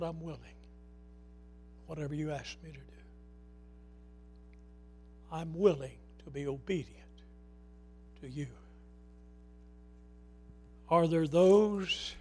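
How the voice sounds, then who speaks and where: Middle-aged male pastor with a high voice, preaching with passion and sudden drops to a hush. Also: slow, long pauses, slight background noise. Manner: impassioned, swinging from loud to hushed. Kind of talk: sermon.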